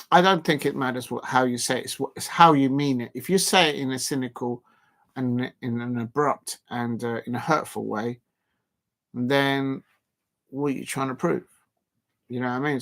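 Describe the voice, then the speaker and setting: A man's voice: medium pitch, fairly bright tone. A man hosting a football watch-along stream, chatting casually, reading viewer comments and rambling with lots of fillers.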